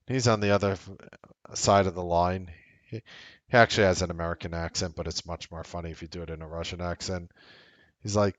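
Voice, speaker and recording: A man's voice: low voice, no room sound. Blunt, rambling male market host. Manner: animated, rambling, blunt with profanity. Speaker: trading show host. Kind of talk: casual market commentary.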